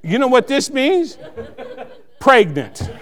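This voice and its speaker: A man's voice: extremely high pitch, big pitch swings, slow, a bit bright. A man giving a church testimony, earnest and self-mocking, laughing at his own stories.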